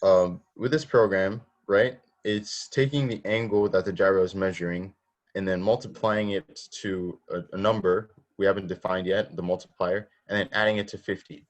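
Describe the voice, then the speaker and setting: A man's voice: deep voice, fairly even intonation, moderate pace. A man teaching a robotics class online, explaining step by step, asking students questions and often restarting his sentences. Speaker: robotics instructor. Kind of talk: online coding lesson.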